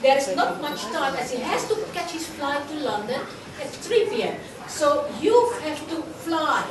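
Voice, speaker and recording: A woman's voice: high-pitched, expressive, normal speed. A woman playing a harried, resourceful embassy secretary in an amateur stage play, laughing often and pleading on the phone. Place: large indoor party hall. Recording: echoey hall from far off, loud crowd noise.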